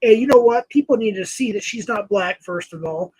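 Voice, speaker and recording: A man's voice: high-pitched, fairly quick, a little mellow, husky, dry recording, low-quality recording. A man in his fifties hosting a live stream, chatting in a rambling way and talking straight to his viewers. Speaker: host. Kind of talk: casual live-stream chat.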